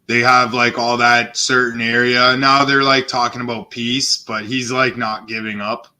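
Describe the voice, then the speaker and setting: A man's voice: medium pitch, level tone, normal speed, bright, forceful tone. A man hosting a live stream, chatting casually in a rambling way and swearing a lot. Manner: rambling, swears a lot, slips into mock voices. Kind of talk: casual profane stream chat.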